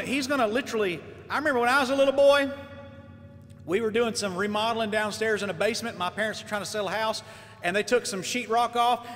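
A man preaching a fiery sermon, swinging between shouted lines and low, emphatic asides. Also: big-room sound.

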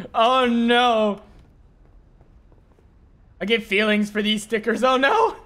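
Male streamer, high and bright tone, slow easygoing talk broken by excited shouts. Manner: excitable, swears often, shouts at enemies. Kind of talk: live gameplay commentary.

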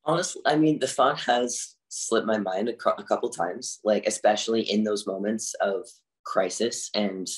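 A man's voice: lowish voice, normal speed. A man, a drag artist talking casually as a podcast guest, with lots of "like" fillers. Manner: chatty, filler-heavy with frequent "like". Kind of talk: casual interview talk.

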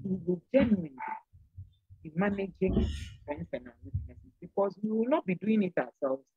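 A woman's voice: mid-range voice, animated, normal speed, slightly rough, dry recording, phone-quality sound. An older woman speaking as a guest on a church program, giving an earnest, sermon-like exhortation and repeating phrases for emphasis. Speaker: panel guest.

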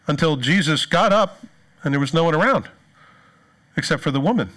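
Animated preacher with a higher-pitched voice. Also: male voice, brisk. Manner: animated storytelling, acting out quoted speakers. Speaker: pastor. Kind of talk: sermon.

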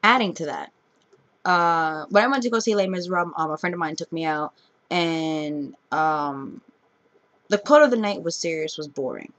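A woman's voice: expressive, normal speed, fairly bright tone, dry recording. A young woman with a New York accent, ranting into her camera from her bedroom late at night, swearing constantly and swinging from rambling and sleepy to fired up. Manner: sleepy, rambling and low-key. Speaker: vlogger.

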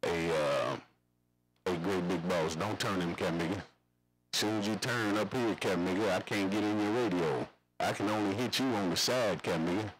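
A man's voice: low-pitched, normal speed, husky, faint music behind, rough recording. A man chatting over CB radio, rambling in slangy, repetitive radio lingo. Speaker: CB radio operator.

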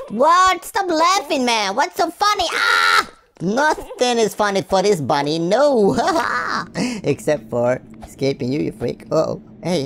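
A woman's voice: low-pitched, creaky, a little hiss or hum. A woman from Sweden hosting a gaming channel, giving playful Let's Play commentary full of silly rhymes and sing-song wordplay.

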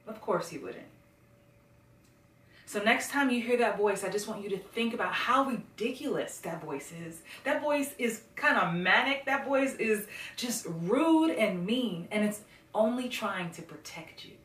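A woman's voice: medium pitch, measured pace, distant mic. Woman coaching in a roomy echo. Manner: lively, acts out quoted voices. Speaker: success coach. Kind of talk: motivational talk to camera.

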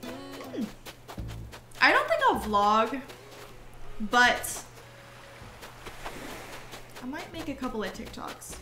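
A woman's voice: sits high, huge pitch swings, slow, pauses often. A woman streaming a game, chatting casually and giggling often, sounding tired and yawning. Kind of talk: casual chat while playing a game. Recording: roomy echo with soft music.

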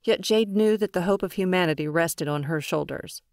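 A woman narrating a science fiction audiobook in a steady, even storytelling way. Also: lowish voice, moderate pace, dry recording, clean studio sound. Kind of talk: scripted narration.

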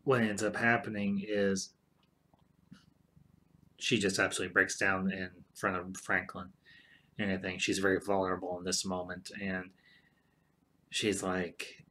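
A man talks through a TV storyline in a loose, rambling way, circling back with fillers and restarts. His voice sits low and stays level, with a bright, forceful edge to the tone. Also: flat delivery, normal speed, pauses often. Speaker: show commentator. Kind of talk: casual retelling of a TV plot.

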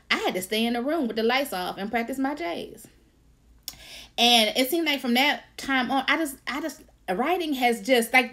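A woman hosting a casual faith-based livestream, lively, laughing often and greeting viewers by name. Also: mid-range voice. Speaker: author and livestream host.

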